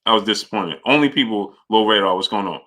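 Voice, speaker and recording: A man hosting a live boxing stream, greeting viewers by name and arguing his points forcefully. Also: lowish voice, quick pace. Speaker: boxing channel host. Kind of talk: live-stream chat and commentary.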